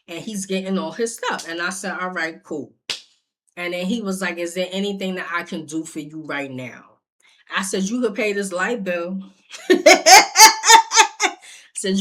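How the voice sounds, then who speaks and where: A young woman with a bright, forceful voice tells her story straight to her viewers. She is blunt and swears freely, and her delivery is lively and animated. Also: mid-range voice. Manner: blunt, profane, animated, addressing viewers directly. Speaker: storyteller vlogger. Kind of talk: casual storytime.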